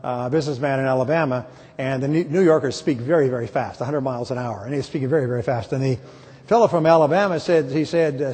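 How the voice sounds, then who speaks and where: A man's voice: mid-range voice, fast, darkish tone, husky. A middle-aged man giving a motivational conference speech, emphatic and repetitive, with joking stories. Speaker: motivational speaker. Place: large conference hall. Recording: reverberant hall, from far off.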